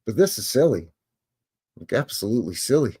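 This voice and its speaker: Male host, chatty and wry, with a very animated pitch. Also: a little fast, husky. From Canada. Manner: chatty, joking, exclaiming at what he sees. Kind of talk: casual live commentary on old photos.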